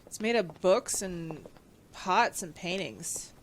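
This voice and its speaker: A woman streamer giving casual, excitable gameplay commentary and reading on-screen text aloud. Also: lowish voice, takes it slowly, slight background noise.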